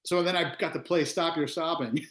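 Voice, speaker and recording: Interview guest, man in his fifties from Long Island, animated and laughing, a bit higher voice, echoey room. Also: normal speed. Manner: animated storyteller, laughs often. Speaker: guest musician and author. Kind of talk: casual interview storytelling. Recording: roomy echo.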